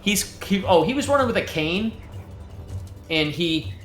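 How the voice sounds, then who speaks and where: A man narrates as game master in a loose, laid-back way, packing his speech with fillers and laughing easily. His voice sits high and fairly bright, with lively intonation and a slightly slow pace. The recording has a roomy echo and faint music behind him.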